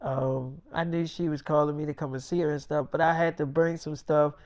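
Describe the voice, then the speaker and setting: A man's voice: fairly high pitch, little pitch movement, fairly quick, a little mellow, smooth, no room sound. A man improvising a casual story with quoted dialogue, rambling, profane and full of slang.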